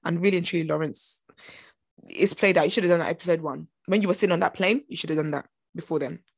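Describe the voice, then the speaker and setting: Animated, gossipy young woman, dry sound. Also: fairly low pitch, fast talker, vocal fry, breathy edge, dry recording. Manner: animated, gossipy, acts out her own reactions. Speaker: TV show reviewer. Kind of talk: chatty TV recap vlog.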